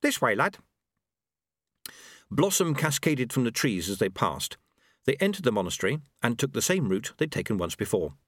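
Guy reading an audiobook, wry and super expressive, dry close sound. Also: mid-range voice, brisk, no echo. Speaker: audiobook narrator. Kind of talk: scripted narration.

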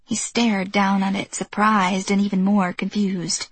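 A woman reading a novel aloud in even, measured audiobook narration. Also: mid-range voice, slightly rough, no echo.

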